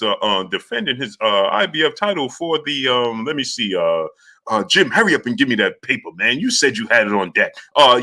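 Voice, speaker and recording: A man hosting a casual boxing livestream, greeting viewers by name and talking through the fight with many fillers. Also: medium pitch. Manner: shouts out chat names, lots of fillers.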